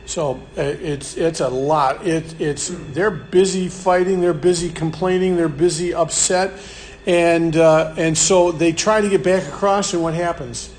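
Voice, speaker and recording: A man's voice: a little high, steady tone, measured pace, darkish tone. A man leading a live Bible study in a conversational way, often repeating words and restarting, with a light hiss behind. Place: room with a live group.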